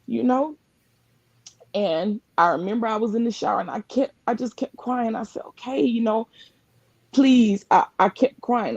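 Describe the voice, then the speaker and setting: A woman sharing a personal story over a live stream call, talking earnestly and haltingly, often restarting her sentences. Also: on the high side, gravelly, darkish tone, breathy edge, dry recording, muffled recording. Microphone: live video call.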